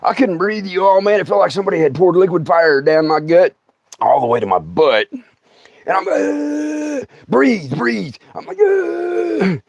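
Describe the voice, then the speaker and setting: Lively man telling comic stories. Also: a little high, fairly quick, no echo. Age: middle-aged. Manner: animated, laughs often, acts out scenes. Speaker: storyteller host. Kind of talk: comic storytelling livestream.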